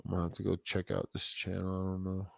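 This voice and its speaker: A man hosts a livestream in a loose, easygoing way, dropping casual slang and thinking out loud. His voice sits at an ordinary pitch. The sound is dry and close. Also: monotone, fast talker, vocal fry, no room sound. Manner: rambling, laid-back, talks to himself while browsing; casual slang, says y'all. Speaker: YouTube channel host.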